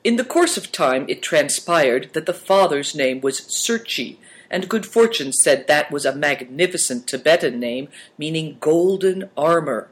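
A man narrates a storybook in a measured, even storytelling manner. His voice sits slightly higher than most men's. The reading is steady and unhurried. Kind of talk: audiobook narration.

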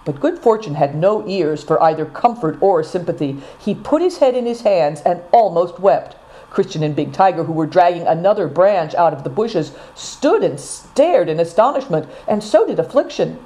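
A woman narrating a storybook, reading expressively at an even pace. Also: fairly low pitch, normal speed, rough recording.

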